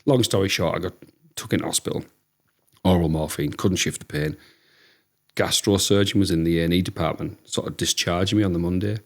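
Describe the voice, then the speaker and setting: A man in his thirties with a Teesside accent, telling lively stories as a podcast guest and acting out what people said. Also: low-pitched, brisk. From Teesside, England. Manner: chatty, animated storyteller who acts out quotes. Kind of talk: casual storytelling chat.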